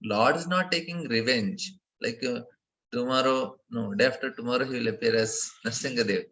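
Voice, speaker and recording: A man giving a devotional class lecture, earnest, often repeating phrases and laughing softly between points. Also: medium pitch, moderate pace, a little hiss or hum, poor audio. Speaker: speaker giving a scripture class.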